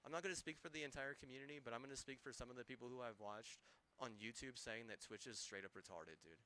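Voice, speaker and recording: Bright-voiced young man ranting profanely. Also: medium pitch, fast talker. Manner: profane, heated, constant swearing; rambling, with many restarts. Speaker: streamer. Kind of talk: ranting live-stream commentary.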